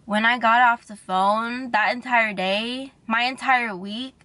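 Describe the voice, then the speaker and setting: A woman's voice: a little high, fairly even intonation, slow, bright, forceful tone, dry recording. A young woman telling a personal story to camera in a candid, emotional, slangy way. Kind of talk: casual storytime monologue.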